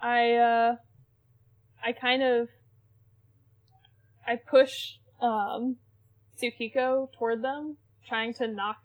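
Fairly high-voiced woman player. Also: flat delivery, slow, pauses often. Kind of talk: casual tabletop role-play.

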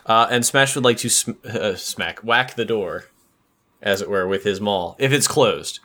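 Low, bright-voiced jokey man. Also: measured pace. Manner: jokey, playful, fillers. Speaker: player. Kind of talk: casual tabletop game play.

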